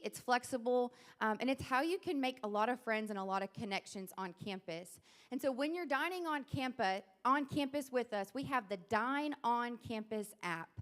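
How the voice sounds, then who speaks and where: Brief: woman with a slightly high voice, campus dining rep, clear friendly orientation talk. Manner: friendly, informative, slight stumbles. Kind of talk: informational presentation. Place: large auditorium.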